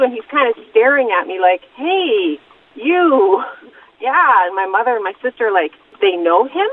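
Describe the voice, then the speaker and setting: Thirty-ish lady on the phone, high voice, tinny line, giggly storyteller. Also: moderate pace. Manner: laughing, animated storyteller. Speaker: caller.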